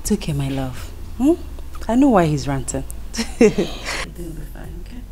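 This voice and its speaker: A woman's voice: lowish voice, sing-song, measured pace, warm tone, a little hiss or hum. A young woman with a Nigerian accent, playing a devoted daughter who speaks in a soothing, affectionate way in a film drama. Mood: tender. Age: young adult. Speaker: bride-to-be daughter.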